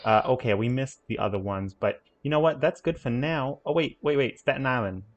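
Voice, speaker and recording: A man's voice: medium pitch, animated, a little fast, muffled recording. A man hosting a game stream in casual chat, playfully trying out accents.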